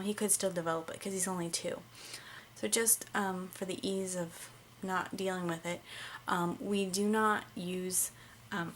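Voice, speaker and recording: A woman's voice: mid-range voice, slight background noise. A woman, a mom vlogger, chatting casually to camera with lots of "um" fillers, a little out of breath. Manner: relaxed and chatty, many "um" fillers.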